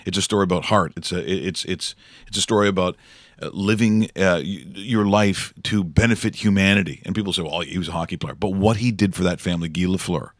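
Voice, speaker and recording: A man's voice: deep voice, quick pace, no echo. A man hosting a casual studio morning show, rambling enthusiastically with many restarts. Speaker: show host.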